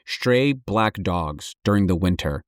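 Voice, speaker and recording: A man's voice: deep voice, slow, no echo, studio quality. Profane, joking male podcast co-host. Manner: profane, animated, jokey. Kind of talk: casual chat.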